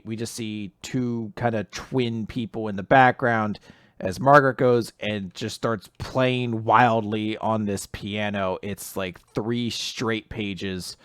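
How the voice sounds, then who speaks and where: A man's voice: on the low side, a bit bright, clear, resonant tone, dry recording, clean studio sound. A man casually recapping comics, swearing freely and acting out quotes in goofy voices. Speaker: podcast co-host recapping manga.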